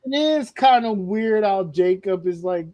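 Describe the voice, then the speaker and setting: A man's voice: sits high, lively intonation, measured pace, warm tone. A man co-hosting a casual podcast chat, blunt and swearing freely. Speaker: podcast co-host.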